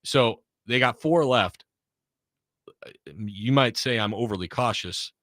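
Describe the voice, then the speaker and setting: Chicago-raised studio guest, bright forceful voice, dry close mic, confident football takes. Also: male voice, medium pitch, unhurried, no echo. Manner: confident, emphatic football analysis. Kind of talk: casual sports radio talk. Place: radio studio.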